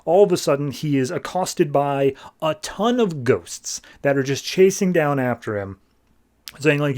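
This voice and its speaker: A man co-hosting a podcast, loosely recapping a comic issue in a chatty, filler-heavy way with quick paraphrased character asides. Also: a little high, expressive, a little mellow. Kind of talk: casual comic-book recap.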